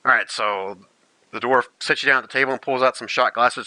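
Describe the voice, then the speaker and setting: A man's voice: medium pitch, fairly even intonation, brisk, bright, forceful tone, no room sound, poor audio. A man narrating as game master of a tabletop role-playing game, describing what the characters do. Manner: describes actions, voices many characters.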